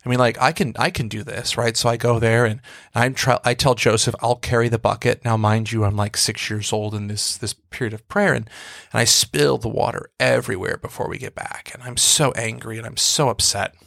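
A man's voice: medium pitch, fairly even intonation, a little fast, vocal fry, fairly bright tone, no room sound, studio quality. A man, a priest co-hosting a faith podcast, telling a prayer story in a reflective, storytelling way with frequent restarts. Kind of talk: casual faith podcast conversation.

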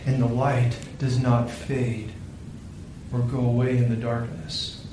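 A man voicing a gentle talking Christ candle, soft and reassuring. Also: medium pitch, steady tone, extremely slow, background noise. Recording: very echoey room, distant mic.

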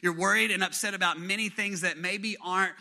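A man, preaching a sermon as pastor in a conversational way that rises to animated bursts. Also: high-pitched, brisk, creaky.

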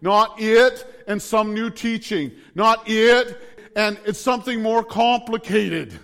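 A middle-aged male preacher with a high voice delivers a fervent sermon in repeated declarations. His voice rings out with a long reverb behind it. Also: takes it slowly, gravelly, fairly bright tone.

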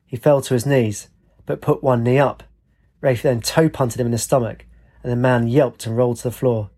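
A man narrating a story with a steady, dramatic reading. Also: mid-range voice, normal speed.

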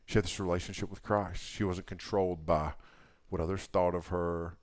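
Lively male camp preacher telling a story. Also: low voice, normal speed, dry recording. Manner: animated storyteller, acts out dialogue, swings from loud to hushed. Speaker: camp speaker. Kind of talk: youth camp sermon storytelling.

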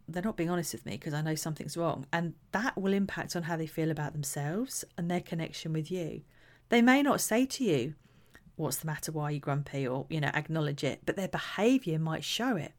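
A woman giving earnest parenting advice, acting out example phrases in a gentle way. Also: on the low side. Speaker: parenting educator. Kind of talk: talking-head advice talk.

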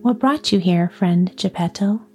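A woman's voice: on the low side, measured pace, slightly rough, soft background music. A woman voicing a touchy, surly old male carpenter in a storybook reading, protesting indignantly.

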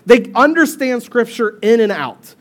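Man, pastor, high voice, casual joking sermon, storyteller. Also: very animated, unhurried.

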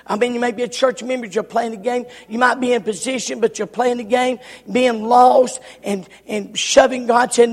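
A man preaching a sermon in a church, his delivery swinging from shouts to near-whispers. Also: extremely high pitch, steady tone, normal speed, breathy edge. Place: church sanctuary. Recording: long hall reverb.

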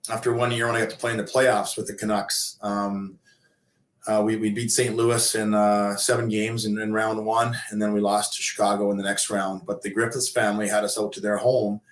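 A man's voice: lowish voice, flat delivery, brisk. A man in his fifties, a former pro athlete turned coach, telling long stories casually with many fillers and restarts. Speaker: interview guest, former pro hockey player turned coach. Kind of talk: casual storytelling. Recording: echoey room.

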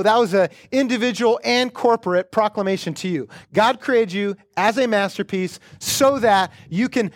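A man's voice: high voice, normal speed, dry recording, clean studio sound. A middle-aged male pastor preaching and praying in an earnest, conversational way. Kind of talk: sermon with prayer.

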